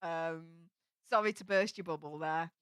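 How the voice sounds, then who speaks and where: A young woman from Yorkshire, England chats casually on a live stream, reading viewer comments aloud with plenty of ums between thoughts. Her low voice is bright and crisp, her pace unhurried. The close, dry recording carries no room sound.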